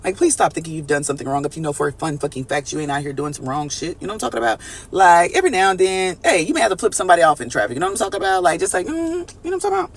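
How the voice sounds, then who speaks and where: A man with a high voice reads tarot for his viewers, talking loosely and swearing freely. He keeps calling out to them as y'all and answers their chat comments as he goes. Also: big pitch swings, very fast. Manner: casual, profane, chatty, calls viewers y'all. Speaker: tarot reader. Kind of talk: live collective tarot reading.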